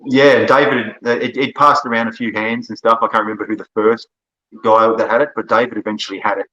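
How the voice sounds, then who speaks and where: A man with an Australian accent chats as a podcast guest, winding through his stories and stopping to correct himself. His voice sounds bright but husky, a bit low, and comes through muffled, lo-fi audio. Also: steady tone, quick pace. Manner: rambling storyteller, laughs often, self-corrects. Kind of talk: casual conversation.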